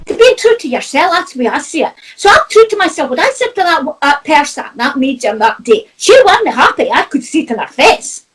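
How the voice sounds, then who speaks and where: Scottish woman, high voice, very lively pitch, chatty medium, laughs a lot. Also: a little fast, few pauses, low-quality recording. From Scotland. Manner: animated and chatty, laughs often. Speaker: spiritual medium. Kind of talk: casual chat.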